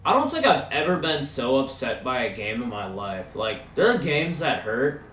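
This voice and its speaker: A young man hosting a podcast, ranting casually and profanely as an excitable sports fan. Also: medium pitch, normal speed, echoey room, slight background noise. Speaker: podcast host. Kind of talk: casual solo rant.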